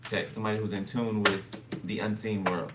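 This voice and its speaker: The recording is distant and noisy. A male tarot reader with a fairly low, level voice moves briskly through a casual reading, thinking out loud, repeating phrases, and tossing in "okay?" checks.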